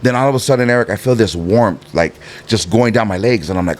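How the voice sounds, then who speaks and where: A middle-aged man spins a long, animated story in a relaxed interview. His pitch leaps up and down as he acts out everyone else in the tale, and he swears freely along the way. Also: fast talker, hardly any pauses. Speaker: guest telling a story. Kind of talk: casual storytelling.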